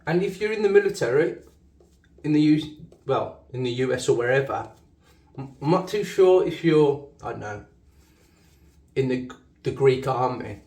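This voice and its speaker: A man's voice: medium pitch, lively intonation, moderate pace, long pauses, a little mellow, far from the mic. Man, Black Country accent, casual rambling shave talk, chatty and self-correcting, echoey bathroom. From Black Country, England. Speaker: shaving channel host. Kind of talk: casual rambling shaving commentary.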